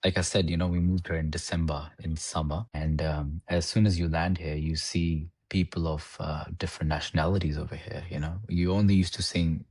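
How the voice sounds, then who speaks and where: A man in his thirties with a very low voice, animated and chatty as he recounts his story, often breaking into laughter and quoting himself. The sound is dry and close, with no room around it. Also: a little fast, few pauses, husky, no room sound. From India. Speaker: podcast guest. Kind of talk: casual chat, storytelling.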